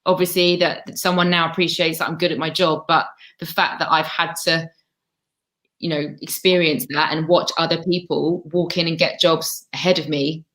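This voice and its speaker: A woman's voice: deep voice, flat delivery, normal speed, a bit bright. A woman speaking frankly as a guest on a webinar panel, heard over a video call. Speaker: panel guest, TV camera operator.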